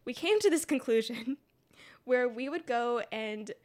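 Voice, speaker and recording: A woman's voice: fairly high pitch, animated, measured pace. A young woman co-hosting a podcast, chatty and giggly, often finishing her co-host's sentences. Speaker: podcast co-host. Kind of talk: casual chat.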